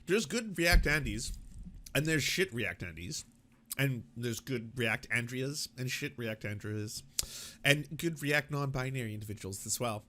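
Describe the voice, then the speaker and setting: A man's voice: mid-range voice, expressive, unhurried, bright, forceful tone, slight background noise. A man hosting a political reaction show, talking casually and profanely, with mocking asides. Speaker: political commentary host.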